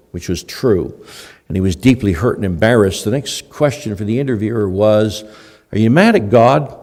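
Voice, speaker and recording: A man's voice: sits low, warm tone. An older man preaching a sermon in a conversational way, with many fillers and restarts. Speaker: pastor. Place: church hall. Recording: long hall reverb.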